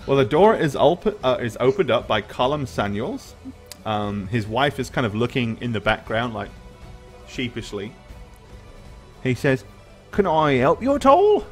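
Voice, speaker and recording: A man running a tabletop role-playing game, narrating scenes between playful self-mocking asides. His pitch moves a lot, and faint music sits behind him. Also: expressive, unhurried. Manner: laughing, self-deprecating banter. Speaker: game master.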